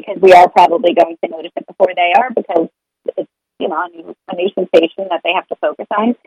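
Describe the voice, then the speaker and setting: A woman's voice: on the low side, slightly rough, muffled recording. A woman talking casually and earnestly about her experience as a parent, rambling a little and slipping into sing-song voices when she repeats what she says to her child. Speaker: parent sharing potty-training experience. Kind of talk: casual podcast conversation.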